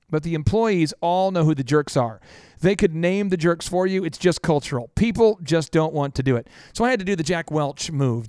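A man with a high, bright voice tells stories on a business talk show, lively and animated as he mimics the people in them. The studio sound is close and dry, with no room around it. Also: dry recording. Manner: animated storyteller, acts out quoted people. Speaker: business podcast host. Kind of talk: energetic talk show banter.

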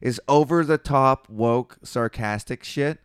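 A man's voice: medium pitch, slow, clear, resonant tone, dry recording, studio quality. A young man co-hosting a podcast, swearing and joking in casual chat while reading scripture aloud with wry asides. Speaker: podcast co-host.

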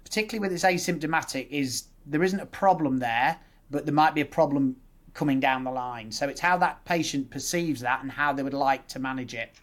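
A male dentist with a Yorkshire accent explaining his methods in a podcast conversation, laying out options in steady lists. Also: mid-range voice, fairly quick. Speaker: dentist guest.

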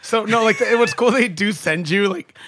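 A man who performs in drag, telling a story in casual podcast chat. His voice is high and bright with a tense edge, and he keeps things joking as he talks. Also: moderate pace.

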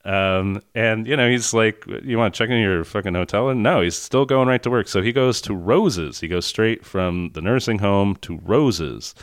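A man in casual podcast chat, mocking a movie with animated, profane retelling and frequent laughter. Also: on the low side, unhurried, hardly any pauses, no room sound, studio quality.

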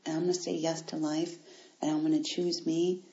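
A woman hosting a motivational podcast, speaking directly and encouragingly to her listeners in an animated way. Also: low-pitched, brisk. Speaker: podcast host. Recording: roomy, dull lo-fi sound.

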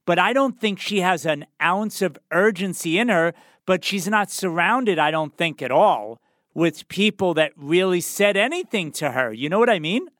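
A man's voice: high-pitched, animated, moderate pace, a bit bright, no room sound, studio quality. A man hosting a health podcast, telling a personal story in an earnest, conversational way. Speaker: podcast host.

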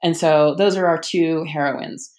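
A woman author talking casually about books, chatty, with many fillers and animated quoting. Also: low-pitched, a little slow. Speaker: author guest. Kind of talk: casual podcast conversation.

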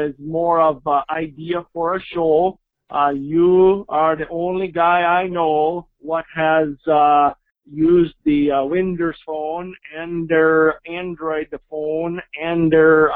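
Guy putting on a goofy caller voice w/ a wandering accent, halting, pitched up a bit, thin phone sound. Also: flat delivery, no room sound. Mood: bumbling. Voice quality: halting, lots of "uh". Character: rambling folksy male caller with a wobbly accent. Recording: tinny phone-line voicemail.

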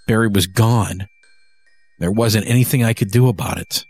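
A man reading a horror story aloud in first person, measured and often slowing down for tension. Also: darkish tone, husky. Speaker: narrator. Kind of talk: scripted horror story narration. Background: faint cello and double bass score.

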